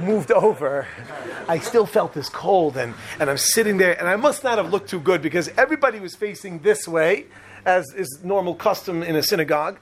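A man giving a talk, telling a humorous personal story in an animated, chatty way, restarting sentences and mixing in Hebrew terms. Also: on the high side, a little hiss or hum. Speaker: speaker giving Torah talks.

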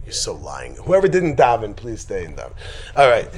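His voice sits low but swoops wildly in pitch as this man teaches a class in an informal religious setting. He cracks jokes, laughs easily, strays off topic, and then climbs into an intense preaching style.

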